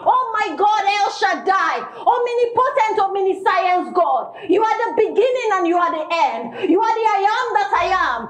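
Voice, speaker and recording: A woman's voice: very high-pitched, expressive, normal speed, hardly any pauses, a bit bright. A woman playing a fervently praying Nigerian wife. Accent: Nigerian English. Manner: fervent, preachy, mocking. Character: pious, combative young wife Nancy who prays loudly. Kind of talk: Nollywood film acting. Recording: echoey room with music.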